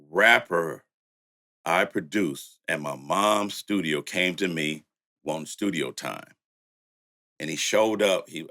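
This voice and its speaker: An older man with a low voice spins a laid-back story about his studio days. He laughs often, leans on "you know," and talks like an old friend. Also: sharp tone. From Louisiana and San Francisco. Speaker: music producer and studio owner. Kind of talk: storytelling in casual conversation.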